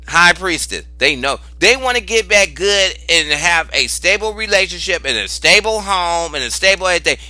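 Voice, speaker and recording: Animated, bright-voiced man doing a tarot reading. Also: high voice, no room sound. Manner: animated, exclaims and repeats phrases for emphasis; informal, cusses freely. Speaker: tarot reader. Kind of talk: casual tarot reading vlog.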